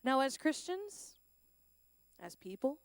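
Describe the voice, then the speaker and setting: A woman giving a lively sermon at a school chapel, acting out the lines of the story's characters. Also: sits high, takes it slowly, dry recording, studio quality. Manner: animated, plays out the characters' lines. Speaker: chapel speaker.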